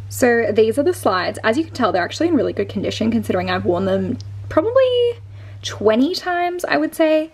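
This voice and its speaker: A woman's voice: fairly high pitch, sing-song, moderate pace, vocal fry, a little mellow. A woman with an Australian accent chatting through a casual unboxing vlog at home, gushing and filling her talk with likes and ums. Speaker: vlogger.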